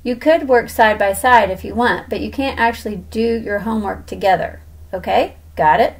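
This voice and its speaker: A woman's voice: medium pitch, moderate pace, natural voice. A woman voicing a patient schoolteacher correcting two students in a storybook reading. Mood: firm.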